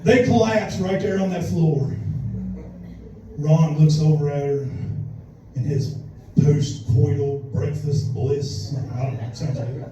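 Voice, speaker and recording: A man's voice: a little high, slow, dark tone, slight background noise. A man doing a crude, rambling, self-mocking stand-up comedy set. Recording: distant echoey club recording.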